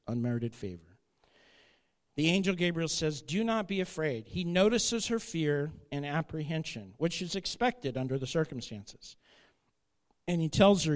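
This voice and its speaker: A man preaching a sermon as pastor, swinging between loud declarations and quiet asides. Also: on the high side, long reverb tail.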